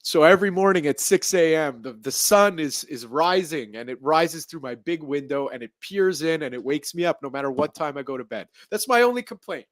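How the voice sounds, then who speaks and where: Podcast host, male, chatty and animated, slightly high voice, dry close mic. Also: no room sound. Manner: chatty, animated, self-deprecating, quick asides. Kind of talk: casual sports podcast chat and sponsor reads.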